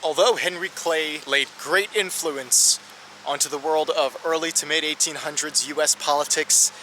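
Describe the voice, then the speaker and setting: A man narrating his travel vlog with a slightly raised voice and an explanatory, dryly humorous manner. He records outdoors in a city, with traffic noise clearly heard behind him. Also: a little high, normal speed, pushed and bright. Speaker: travel vlogger. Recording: noisy outdoor street recording.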